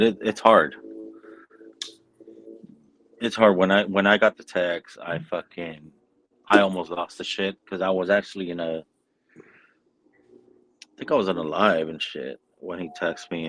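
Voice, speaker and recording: A man's voice: sits low, a bit bright, slight background noise, rough recording. A man hosting a casual chat, telling a long story loosely and swearing constantly. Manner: profane, rambling storyteller. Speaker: podcast host.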